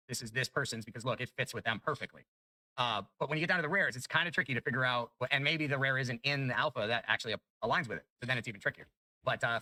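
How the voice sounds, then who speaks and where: A man giving chatty, excitable commentary over his own gameplay, jumping up in pitch when good loot drops. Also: no echo, rough recording. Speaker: gaming YouTuber. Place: home room.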